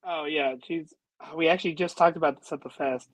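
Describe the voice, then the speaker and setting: A man's voice: on the high side, fairly even intonation, fairly quick, no echo, rough recording. A man from a band answering interview questions casually, easygoing and hedging with lots of "like". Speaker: band member guest.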